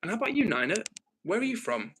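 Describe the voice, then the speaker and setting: A high, sing-song male voice at a quick pace, fairly bright and slightly rough, heard on a low-quality recording. He's a northern English host on a casual livestream reading viewer messages, earnest and prone to ums and restarts while thinking aloud.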